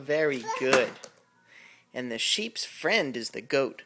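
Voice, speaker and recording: Slow, sing-song father talking baby talk. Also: medium pitch, expressive, background noise. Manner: sing-song, praising, imitates animal sounds. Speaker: father playing with his toddler.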